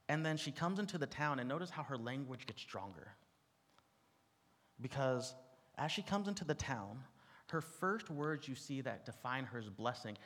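A man's voice: mid-range voice, animated, moderate pace, a bit bright. A man preaching a sermon to an audience, teaching in a conversational way with asides and touches of humor. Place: large room with an audience. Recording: long reverb from a large hall.

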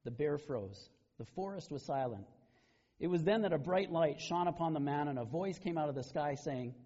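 Middle-aged male pastor, conversational sermon storyteller, higher voice, slight husk. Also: lively intonation, normal speed, dark tone. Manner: conversational storytelling, frequent restarts. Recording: dull lo-fi recording.

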